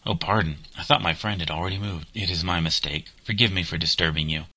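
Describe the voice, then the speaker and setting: A man voicing a courteous, earnest old gentleman in a storybook reading. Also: sits low, quick pace, exaggerated voice, poor audio. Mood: apologetic. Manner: polite, earnest.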